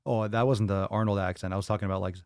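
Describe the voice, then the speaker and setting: A man's voice: lowish voice, steady tone, rapid-fire, a little mellow, clear, resonant tone, no echo, clean studio sound. A man hosting a live fitness Q&A stream, blunt and profane as he answers chat. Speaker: fitness podcast host.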